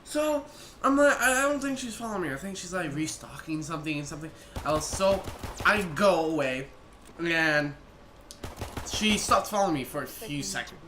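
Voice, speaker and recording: A man's voice: on the high side, normal speed. A young man casually telling a story to his viewers, rambling and restarting sentences, full of "like" and "I'm like". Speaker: vlogger. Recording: echoey room with faint noise.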